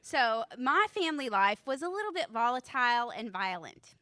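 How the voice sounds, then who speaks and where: A woman's voice: fairly high pitch, sing-song, normal speed, pushed and bright, no echo. A woman in her forties doing a stand-up comedy set on a club stage, nervous and self-deprecating, laughing at her own jokes. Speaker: student stand-up comic.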